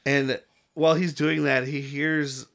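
A man's voice: on the high side, little pitch movement, a little slow, creaky, a bit bright. A man co-hosting a podcast, recapping a film plot in profane casual banter. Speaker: podcast co-host.

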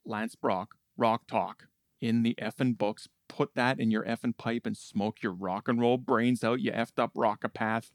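A man's voice: medium pitch, fairly even intonation, a little slow, no room sound, studio quality, close to an everyday voice. A man playing a brash, foul-mouthed male rock-show host who swaggers, insults people and says "effing" constantly in a comedy bit. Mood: boastful.

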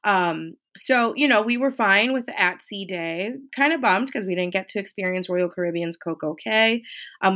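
Chatty woman telling a travel story. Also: mid-range voice. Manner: chatty, animated retelling with quoted voices. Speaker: vlogger. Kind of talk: casual storytelling.

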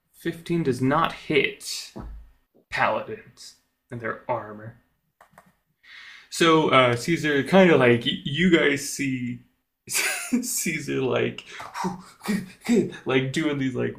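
A man narrating a tabletop game as game master, unhurried and full of fillers. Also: medium pitch, creaky, a bit bright. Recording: music playing underneath.

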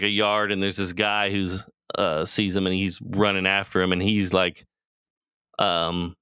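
A man's voice: sits low, bright, forceful tone, clear, resonant tone, dry recording, clean studio sound. A man co-hosting a podcast, casually retelling a TV show in a rambling, profane way and acting out the characters' lines. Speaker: podcast co-host.

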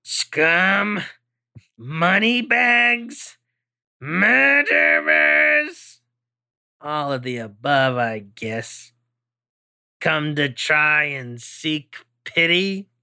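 A man's voice: fairly high pitch, big pitch swings, vocal fry, bright, forceful tone, smooth, voice pushed up, exaggerated voice. A man voicing a snarling male space bounty hunter on a radio call, stretching out his words in a sneering way. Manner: drawn-out, sneering line reading.

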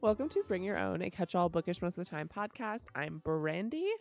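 Sick sniffly lady hosting a podcast, kinda low voice, giggly, dry close sound. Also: animated, a little fast, creaky, a little mellow, no echo, faint music behind. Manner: giggly, candid and chatty. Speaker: podcast host. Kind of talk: casual chat.

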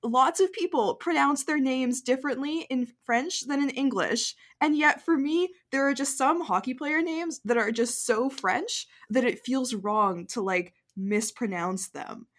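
A bilingual woman co-hosting a casual podcast, talking in an earnest, animated way. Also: high voice, measured pace, few pauses. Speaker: podcast co-host.

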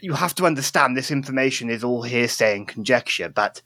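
A man's voice: medium pitch, animated, a little fast, bright, forceful tone, no echo. A man voicing a fussy, verbose male halfling scholar who rambles, stammers and talks formally in a tabletop game. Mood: earnest.

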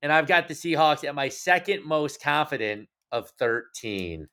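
A man's voice: on the high side, lively intonation, moderate pace, pushed and bright, clear, resonant tone. A man in his thirties co-hosting a podcast, bantering and teasing his co-hosts in a playful, jokey way. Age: 30s. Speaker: podcast co-host.

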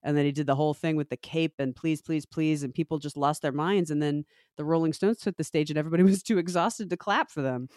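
A woman's voice: low voice, fast, hardly any pauses, dry recording, clean studio sound. A woman author, a guest on a podcast, chatting casually and telling stories with frequent laughter. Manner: laughs often, animated storytelling. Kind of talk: casual interview chat.

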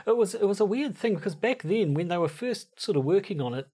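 A man's voice: high-pitched, lively intonation, quick pace, dark tone, husky. A man co-hosting a podcast in a casual chat, agreeable and hesitant, with many restarts and fillers. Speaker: podcast co-host.

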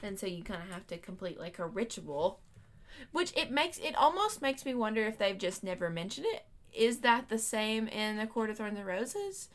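A woman's voice: mid-range voice, sing-song, moderate pace, a bit bright. A woman hosting a casual book-review podcast, chatting with friends, laughing often and reading passages aloud. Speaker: podcast host.

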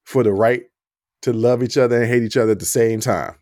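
A man's voice: mid-range voice, brisk, no echo, studio quality. A man co-hosting a podcast, chatting casually and animatedly, often laughing. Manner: animated, talks with his hands, laughs often. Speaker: podcast co-host. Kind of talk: casual chat.

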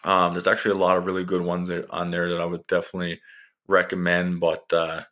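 A man's voice: low voice, completely flat delivery, fast talker, bright, forceful tone. A young man hosting a solo podcast, talking casually and with plenty of swearing, rambling and restarting his sentences. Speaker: podcast host.

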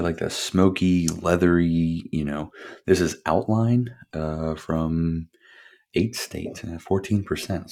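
Very deep-voiced man rambling on a podcast. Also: a little mellow. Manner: rambling, profane, chuckling asides. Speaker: podcast host. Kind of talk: casual solo podcast review.

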